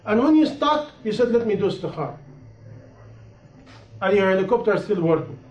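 High-voiced man preaching in an echoey room. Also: big pitch swings, a little fast, darkish tone. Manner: impassioned, repetitive, rising and falling emphasis. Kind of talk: sermon. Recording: echoey room, dull lo-fi sound.

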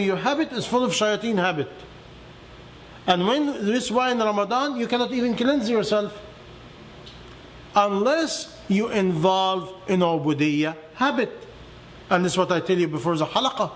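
A man preaching a sermon in non-native English with simplified grammar, swinging emphatically between high and low. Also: fairly bright tone, a little hiss or hum. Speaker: religious teacher.

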